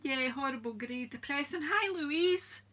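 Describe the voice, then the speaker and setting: Greeting viewers and laughing a lot, a craft demonstrator with a Scottish accent hosts her channel's live-stream crafting demo in a cozy, chatty style. She speaks at a measured pace in a high, pushed, bright voice with lively intonation.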